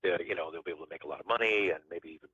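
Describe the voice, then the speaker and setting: A man's voice: low voice, rapid-fire, sharp tone, husky, no room sound. A man telling a story as a podcast guest in a casual, rambling way, often restarting his phrases. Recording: tinny phone-line sound.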